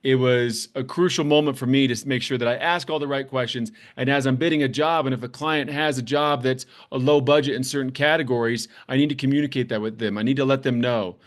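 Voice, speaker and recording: A man's voice: mid-range voice, steady tone, quick pace, hardly any pauses. A man hosting a construction business show, giving blunt, plainspoken advice and telling stories, with the odd swear word. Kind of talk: casual advice talk to camera.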